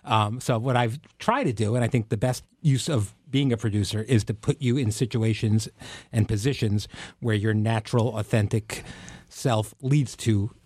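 A man, an executive producer, talking in a casual podcast chat with a measured, wry manner. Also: lowish voice, darkish tone, no room sound.

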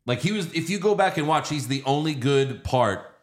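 A man talking casually and profanely about movies, animated and mocking, on a podcast. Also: on the high side, normal speed.

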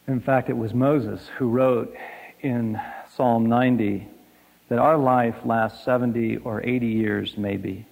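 Pastor with hushed, dramatic delivery. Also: male voice, mid-range voice, little pitch movement, vocal fry. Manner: slow, dramatic storytelling with soft, hushed line endings. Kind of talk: sermon. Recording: echoey hall.

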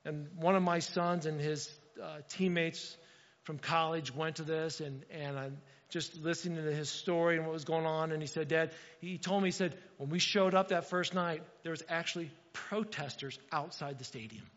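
A middle-aged man preaching a sermon as pastor of a church, with sudden loud bursts and dramatic quoted voices. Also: a little high, fairly even intonation, moderate pace. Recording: dull, reverberant church hall.

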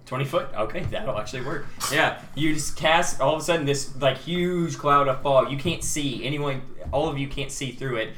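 A man's voice: medium pitch, normal speed, few pauses, a bit bright, reverberant, slight background noise. A man narrating as game master in a tabletop game, laughing often and talking loosely with many "like"s.

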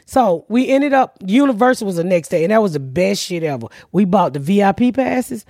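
A woman comedian hosting a podcast, telling a story in casual chat, profane and animated, with loud outbursts. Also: medium pitch, fairly quick, no room sound, clean studio sound.

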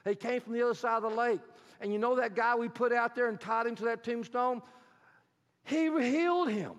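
A man voicing a frantic, upset male pig herder in an excited, exclaiming voice. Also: normal speed, highs cut off. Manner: excited, exclaiming, high-pitched. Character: frantic male pig herder who lost his herd. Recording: long hall reverb.

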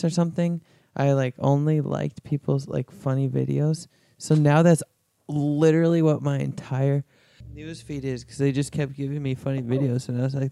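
A man with a raspy, somewhat high voice banters bluntly as a podcast co-host. His swearing is casual, and the recording is close and dead. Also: mellow, no echo. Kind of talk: casual comedic chat.

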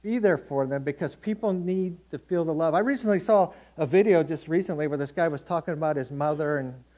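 Middle-aged male preacher, conversational sermon, mellow slightly high voice, folksy anecdotes. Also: brisk.

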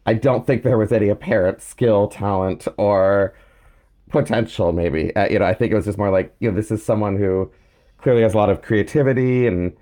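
A tired male guest in an interview, his voice a little low. He answers in a reflective way, pausing and thinking aloud as he goes. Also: dark tone. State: tired from lack of sleep. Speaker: podcast guest, music director. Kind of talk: casual interview talk.

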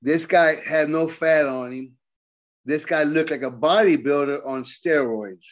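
An older man, a guest on a podcast, telling wrestling road stories in casual, animated talk, acting out the quotes. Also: on the high side, measured pace. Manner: animated storyteller, acts out quotes. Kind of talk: casual storytelling.

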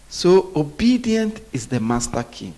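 Male preacher, slightly high voice, call-and-response sermon style. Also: dark tone. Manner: asks the congregation to finish his sentences.

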